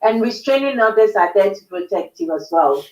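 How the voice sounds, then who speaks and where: A woman's voice: mid-range voice, expressive, fairly quick, a little mellow. A woman co-hosting a casual chat, matter-of-fact, with short affirming interjections. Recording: echoey room.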